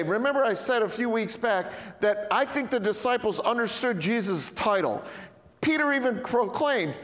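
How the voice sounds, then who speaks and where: Animated high-voiced male preacher. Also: moderate pace. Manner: animated, swings between loud and hushed. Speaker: pastor. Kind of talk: sermon. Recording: echoey hall with long reverb.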